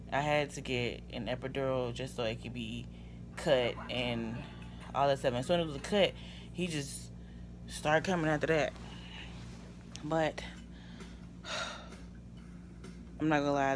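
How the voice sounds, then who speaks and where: A woman's voice: low-pitched, background noise. A young woman, worn out from lack of sleep, rambling through a casual vlog update with sighs. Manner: tired, rambling, with sighs and yawns. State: exhausted from no sleep. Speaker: vlogger.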